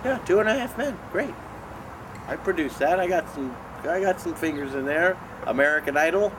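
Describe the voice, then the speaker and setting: A man's voice: fairly high pitch, moderate pace, background noise. A man bragging and scolding in dry, exasperated comedic banter. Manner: boastful, exasperated, deadpan. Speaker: show regular talking with puppets.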